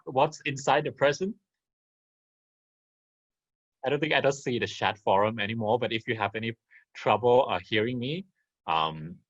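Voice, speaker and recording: A man's voice: fairly high pitch, fairly bright tone, muffled recording. A man teaching an online class, telling a farmyard story and asking his listeners questions as he goes. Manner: interactive, asks the audience questions.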